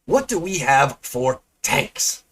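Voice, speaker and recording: A man's voice: mid-range voice, very animated, slow. A man hosting a casual gameplay review, chatty and explaining as he goes. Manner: chatty, explains with stops and restarts. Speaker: host, game reviewer.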